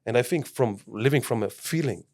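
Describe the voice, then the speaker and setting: Fast-talking man telling animated stories. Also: medium pitch. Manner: animated, acts out quotes with lots of "bro" and "like". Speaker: guest, self-leadership coach. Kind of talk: casual podcast storytelling.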